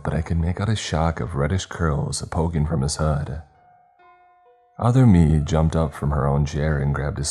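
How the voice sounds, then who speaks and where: A man's voice: rumbling low, dark tone, breathy edge. A man reading a horror story aloud as narrator, voicing each character himself. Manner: voices every character in dialogue.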